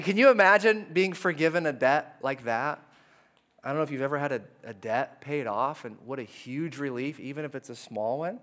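A pastor preaches a sermon in a conversational way, reading verses aloud and voicing the characters' lines with lively energy. His voice is medium-pitched.

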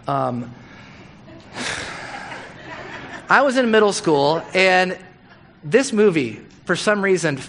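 A middle-aged man preaches to his congregation in a relaxed, storytelling way. His voice sits a little high, and he drops into playful, acted-out quotes as he goes. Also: a little hiss or hum. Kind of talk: sermon storytelling.

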